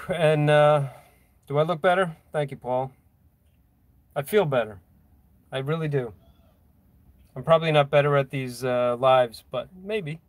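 Guy rambling on a phone livestream, reading comments, kinda high voice, dry close sound. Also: a little slow, long pauses, dry recording. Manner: rambling, self-deprecating, chuckles often. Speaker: vlogger hosting a livestream. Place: boatyard. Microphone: phone held in hand.

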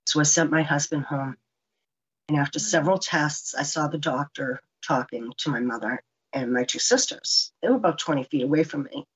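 A woman's voice: deep voice, moderate pace, breathy edge. Earnest woman in her fifties, muffled. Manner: earnest storytelling, acting out dialogue. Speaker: survivor telling her story. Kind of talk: personal testimony.

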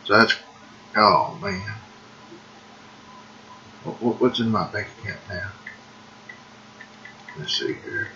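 A man giving folksy, excitable gameplay commentary and calling the viewers folks. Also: lowish voice, slow pace, long pauses, lo-fi sound, slight background noise. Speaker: gaming video host. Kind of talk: casual let's-play commentary.

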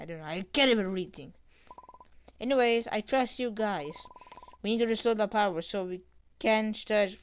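A woman giving casual gameplay commentary, reading game dialogue aloud in an excitable way. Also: mid-range voice, unhurried, pauses often, a little hiss or hum. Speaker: gamer.

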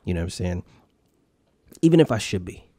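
A man's voice: sits low, very animated, fairly quick, warm tone, husky, no echo. A young man hosting a solo podcast, rambling bluntly with heavy swearing and street slang. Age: young adult. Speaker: podcast host.

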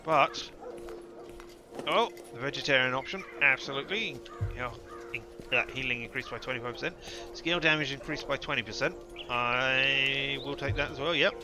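A man's voice: mid-range voice, moderate pace. A man giving rambling let's-play commentary, chatting through his game and yelping when he gets hit. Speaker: gameplay commentator. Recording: loud game music underneath.

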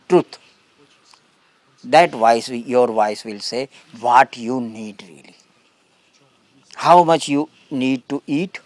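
A man giving a spiritual talk to a gathering in simple, broken English, calmly repeating short phrases. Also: mid-range voice, no room sound. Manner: calm, emphatic contrasts. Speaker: spiritual teacher.

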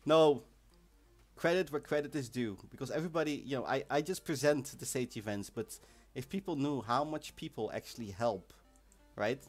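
A man hosting a live game stream, chatting casually and excitably, sometimes bursting into shouts. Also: medium pitch, normal speed. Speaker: livestream host of an online game event. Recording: faint music in the background.

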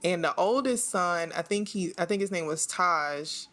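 A woman's voice: lowish voice, normal speed, a bit bright. A woman, chatting casually to viewers while playing a life-sim game, laughing often. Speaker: gaming channel host. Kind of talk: casual let's-play commentary.

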